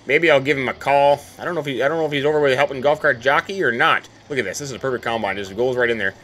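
A man's voice: mid-range voice, racing, fairly bright tone, slight background noise. A middle-aged man, chatting casually and upbeat while commenting on his own game. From United States. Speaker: host.

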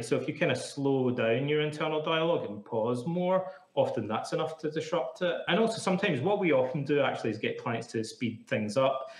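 A man being interviewed as a psychotherapist, explaining things in a chatty, casual way full of "like" fillers. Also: mid-range voice. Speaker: psychotherapist guest. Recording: echoey room.

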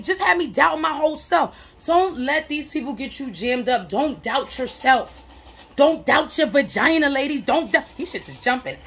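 A woman giving blunt relationship advice in a casual vlog monologue, animated and slangy, repeating herself for emphasis. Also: high voice, gravelly. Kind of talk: casual straight-talking monologue.

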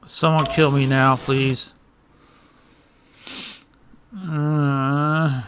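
A man's voice: medium pitch, flat delivery, extremely slow, background noise. A man muttering and swearing in frustration while playing a video game. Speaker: gamer. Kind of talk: let's play commentary.

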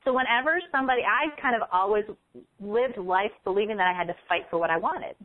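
Woman on a tinny phone line. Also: medium pitch. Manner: earnest, acts out inner voices in quick examples. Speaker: guest expert on ADHD. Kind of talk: podcast interview.

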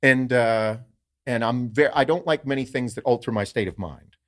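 A man telling a story on his podcast in loose, casual conversation. His voice sits in a mid range, and he swears freely. He tells the story in an animated way. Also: mid-range voice, moderate pace. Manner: profane, animated anecdote-telling. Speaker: podcast host.

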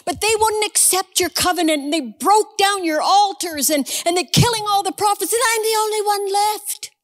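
A woman voicing a despairing male prophet who pours out a high, whining complaint. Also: normal speed. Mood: complaining.

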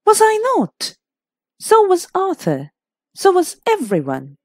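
A woman voicing a frank, brisk middle-aged hostess with an emphatic manner. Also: very high-pitched, wildly swooping pitch, darkish tone, dry recording, clean studio sound, pitched above the performer's own voice, full character voice.

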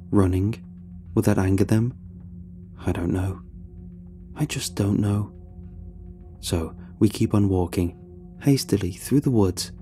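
A man narrating a scripted horror story in a steady, suspenseful manner. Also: deep voice. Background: faint background music.

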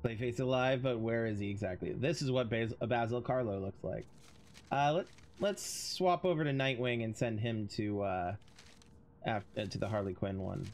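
Male game streamer, casual, distracted, mid-pitched voice, mumbled asides. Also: normal speed, a little hiss or hum. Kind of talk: casual gameplay commentary.

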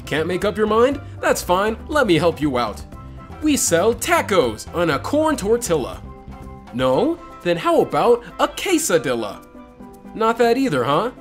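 A man hosting a comedic gameplay commentary, goofy and often yelling in exasperation. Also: high-pitched. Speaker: gaming channel host. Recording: game music in the background.

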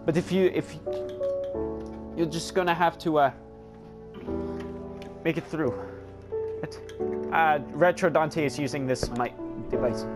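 Excitable young man gaming over music. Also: fairly high pitch, measured pace, pauses often. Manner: excitable, swears and laughs often. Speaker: gamer. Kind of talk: casual game commentary. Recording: game music underneath.

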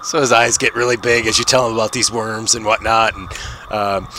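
A man's voice: fairly low pitch, steady tone, fairly quick, background noise. A man running a tabletop game as game master, narrating loosely with lots of fillers. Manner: rambling, many fillers.

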